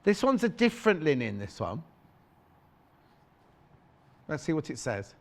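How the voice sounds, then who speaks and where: A man's voice: fairly high pitch, very animated, unhurried. A man presenting on a live shopping channel, chatting playfully, teasing his co-host and reading out fabric prices. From United Kingdom. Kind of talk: live TV sales chat. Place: TV studio. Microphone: clip-on mic.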